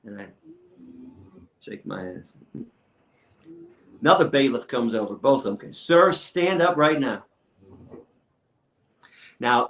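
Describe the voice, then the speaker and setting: A man speaks as an interview guest, telling stories at a medium pitch. He talks emphatically and defiantly and stacks repeated words when he gets heated. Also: vocal fry, fairly bright tone. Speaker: interview guest, activist lecturer. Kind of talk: storytelling in a casual interview.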